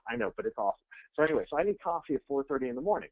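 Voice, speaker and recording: Energetic male coach on a tinny line. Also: mid-range voice, no room sound. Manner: energetic, joking, fast anecdotes. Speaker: real estate coach. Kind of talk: webinar coaching talk with storytelling. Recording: tinny phone-like line, dry.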